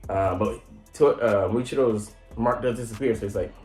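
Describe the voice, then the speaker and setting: A man giving a casual, slangy recap of an anime episode. He laughs often and jumps into high mock voices. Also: moderate pace, darkish tone. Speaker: anime reviewer. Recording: roomy echo with faint music.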